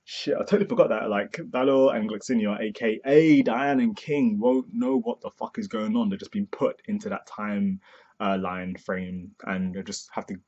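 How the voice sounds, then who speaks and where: A man's voice: lowish voice, fairly even intonation, moderate pace, darkish tone. A young man hosting a casual manga reaction review, chatty and profane, laughing at himself as he goes. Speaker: manga reviewer, channel host. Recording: dull lo-fi recording.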